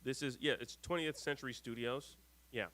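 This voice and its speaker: A man hosting a live stream, reading viewer comments aloud with lively ups and downs and grumbling when his screen freezes. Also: mid-range voice, moderate pace. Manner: exasperated, grumbling at tech trouble. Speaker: host.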